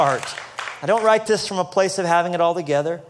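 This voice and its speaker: A man preaching a casual, joking sermon to a church audience, building up to loud, passionate peaks. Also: high-pitched, moderate pace, a faint crowd, slight background noise. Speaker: pastor. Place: church stage before a live audience.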